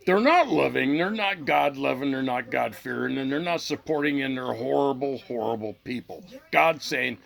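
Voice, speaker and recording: A man's voice: mid-range voice, lively intonation, normal speed, vocal fry, few pauses, a bit bright. A middle-aged man hosting his own channel, in a heated, profane, unscripted rant to the camera that repeats itself as he goes. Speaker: channel host.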